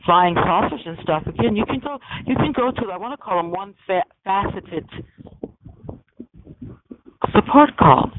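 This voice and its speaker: A man's voice: high-pitched, lively intonation, unhurried, pauses often. A man hosting a call-in podcast, talking in an emphatic, preachy way and often asking "okay?". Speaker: podcast host. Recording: tinny phone line with faint hiss.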